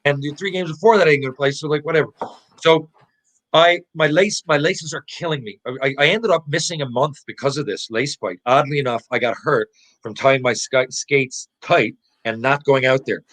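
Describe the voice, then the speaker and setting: A man's voice: on the high side, normal speed, a bit bright, low-quality recording. Rambling, profane man telling a hockey story. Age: 40s. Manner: rambling, profane, laughing anecdote-teller with many restarts. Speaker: podcast guest, former hockey player. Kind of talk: casual storytelling.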